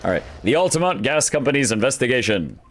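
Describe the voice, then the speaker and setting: A man's voice: mid-range voice, big pitch swings, quick pace, a little hiss or hum. A man streaming a game, chatting playfully and joking about the characters. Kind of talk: let's play commentary.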